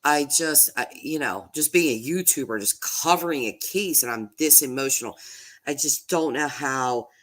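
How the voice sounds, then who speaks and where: A woman, a true crime YouTuber, talking casually on a livestream, halting and repeating words, emotional and slightly nasal from holding back tears. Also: extremely low pitch.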